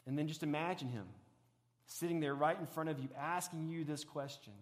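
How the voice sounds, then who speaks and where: A man preaching a sermon as a pastor, moving between raised preaching and soft, hushed reflection. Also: fairly high pitch, steady tone, brisk. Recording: long hall reverb.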